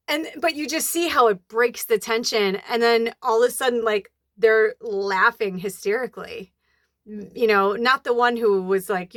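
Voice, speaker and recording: A chatty woman giving a spiritual reading, talking loosely with lots of fillers and now and then jumping into a high voice to act out lines. Her voice sits at an ordinary middle pitch. The sound is close and dry. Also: moderate pace, dry recording. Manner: rambling, filler-heavy, acts out movie quotes in a high voice. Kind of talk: casual spoken reading.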